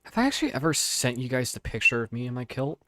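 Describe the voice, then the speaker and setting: A man with an everyday mid-pitched voice throws out brash, heavily profane banter while gaming with friends. The sound is dry and close. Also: very animated, fast talker, fairly bright tone, no echo. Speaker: gamer on a livestream. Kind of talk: casual gaming chat.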